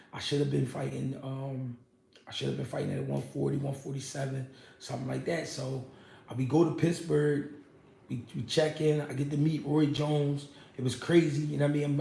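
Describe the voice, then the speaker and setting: A young man, a former pro boxer, telling his story in a casual, animated, profane way. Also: mid-range voice, creaky. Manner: animated, profane street talk with many "you know what I mean". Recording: echoey room.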